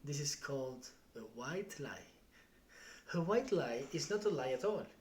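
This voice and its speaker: A streamer reading a novel aloud live in steady first-person storytelling. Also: mid-range voice, unhurried.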